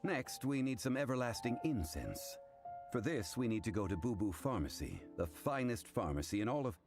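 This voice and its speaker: Dignified measured game character. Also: male voice, medium pitch, big pitch swings, darkish tone, faint music behind. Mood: calm.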